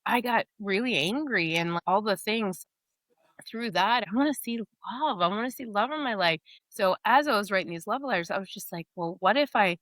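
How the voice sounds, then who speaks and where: A woman's voice: mid-range voice, lively intonation, moderate pace, fairly bright tone, no room sound. A woman in her forties, a podcast guest, telling her story in a candid, rambling way. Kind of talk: casual interview talk.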